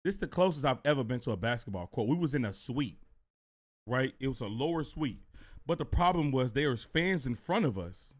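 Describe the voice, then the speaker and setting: A man's voice: mid-range voice, fairly quick. A man streaming live, telling a story to his chat in a casual, profane way. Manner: animated and profane, talks straight to viewers.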